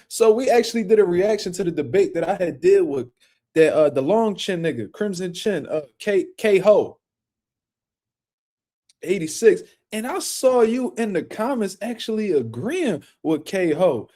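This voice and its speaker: A man's voice: high voice, sing-song, moderate pace, warm tone. A man hosting a casual boxing livestream, talking loosely in slang and speaking to viewers in the chat.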